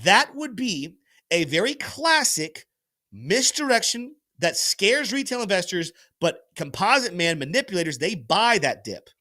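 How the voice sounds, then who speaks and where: A man's voice: high voice, measured pace. A man hosting a livestream crypto show, giving market commentary and urging viewers to like and join. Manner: animated, salesy, pushes viewers to like and join.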